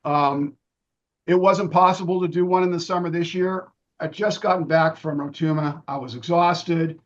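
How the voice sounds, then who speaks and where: A middle-aged man losing his voice, giving a relaxed presentation with many ums and restarts over a video call. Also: fairly high pitch, normal speed. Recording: dull lo-fi video-call audio.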